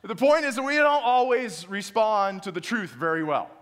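A male pastor telling a self-deprecating story in a sermon, animated and swinging into loud exaggerated outbursts. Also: high voice, moderate pace. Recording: long hall reverb.

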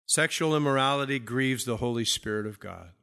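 A man preaching a sermon as pastor, emphatic, repeating key phrases, asking questions and dropping low and soft for stress. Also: brisk, gravelly, clean tone.

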